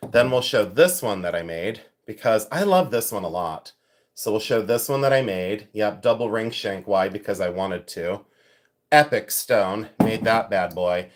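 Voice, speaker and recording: A man from the United States hosting a casual livestream from his home. He jokes, laughs a lot and talks loudly, and he has a runny nose. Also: on the low side. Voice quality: animated and joking, laughs often. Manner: loud, calls out from across the house. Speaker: livestream host. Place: home, moving between rooms.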